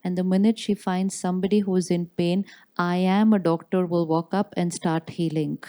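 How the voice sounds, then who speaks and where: A woman giving a spiritual talk to an audience in a large hall, speaking in slow, calm affirmations with deliberate pauses. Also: lowish voice, clean tone. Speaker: spiritual teacher.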